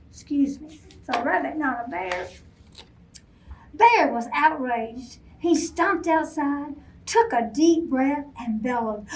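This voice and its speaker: A woman, a children's librarian, reading a picture book aloud at bedtime, gentle and expressive, asking the kids questions. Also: high-pitched, slow. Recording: voice from a distance off mic.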